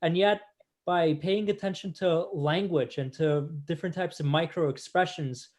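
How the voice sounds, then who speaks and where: A man's voice: a little high, moderate pace, darkish tone. A man hosting a podcast interview, thoughtfully summarizing his guest's ideas at length. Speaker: podcast host. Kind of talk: conversational interview.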